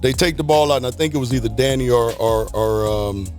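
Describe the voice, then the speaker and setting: A former basketball player telling a game story in an animated interview manner. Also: male voice, medium pitch, fast, soft background music.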